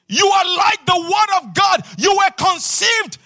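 A man preaching a sermon as pastor, repeating his points emphatically with frequent hallelujahs and a sing-song cadence that sometimes drops to a hushed rebuke. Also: very high voice, expressive, unhurried, hardly any pauses.

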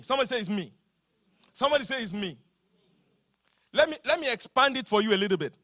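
High-voiced pastor preaching. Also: male voice, lively intonation, bright, forceful tone, no echo, studio quality. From Nigeria. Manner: emphatic preaching with call-and-response, slows down to stress lines. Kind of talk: sermon.

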